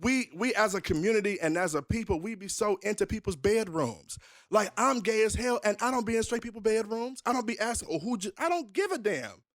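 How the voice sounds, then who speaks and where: A man's voice: high voice, expressive, brisk. A young man, a minister, telling his life story candidly in an interview, emphatic and full of rhetorical questions.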